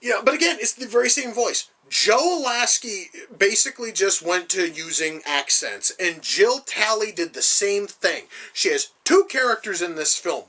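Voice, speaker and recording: A man rants through a movie review in a high, bright, sharp-edged voice. He swears freely and piles on sarcasm, sounding exasperated. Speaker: film reviewer.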